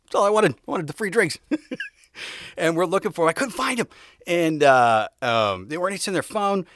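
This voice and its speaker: Man, podcast host, casual storytelling, laughs a lot, rambling asides, very expressive pitch. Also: a little fast, slight background noise. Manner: laughs often, loose and candid, rambling asides.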